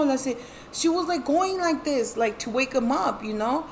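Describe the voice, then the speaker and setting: Animated bilingual woman, higher voice. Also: normal speed, slight background noise. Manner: animated storytelling, mixing English and Spanish, acting out quotes; heavy swearing, lots of fillers. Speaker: guest telling her life story. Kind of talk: casual storytelling chat.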